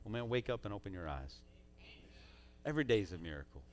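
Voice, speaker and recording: A man preaching a sermon as pastor, swinging between loud urging and quiet asides in a church sanctuary on a stage mic. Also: lowish voice, very animated, fast.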